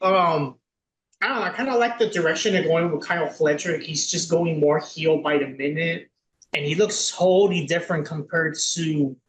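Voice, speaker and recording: A man's voice: on the high side, a bit bright, a little hiss or hum. Hesitant young man in an echoey room. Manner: hesitant, with many ums. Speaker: podcast co-host. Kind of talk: casual chat.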